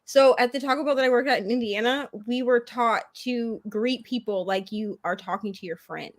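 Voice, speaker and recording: A woman with a high voice chats on a reading livestream, spinning a story and playing out the voices of other people. The sound is dry and close, like a video call. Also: moderate pace, no echo. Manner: chatty storyteller, acts out customer voices. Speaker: channel host. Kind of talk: casual chat on a reading livestream.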